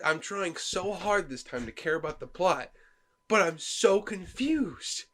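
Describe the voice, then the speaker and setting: A man's voice: on the high side, unhurried. A man on a casual podcast, telling stories with lots of energy and acting out the characters' lines as he goes. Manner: animated storyteller, acting out game characters' lines. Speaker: podcast co-host. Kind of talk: casual chat about video games.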